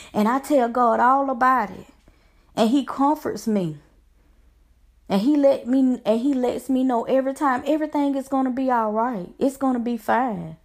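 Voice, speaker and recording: Woman, life coach, gravelly fry, fairly high voice, earnest preacherly pep talk, repeating phrases. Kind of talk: motivational faith talk to camera.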